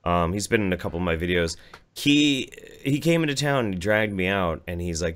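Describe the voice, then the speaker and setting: A man's voice: deep voice, normal speed. A man co-hosting a casual livestream podcast, rambling and swearing as he tells stories. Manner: profane, rambling, animated storytelling. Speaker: podcast co-host.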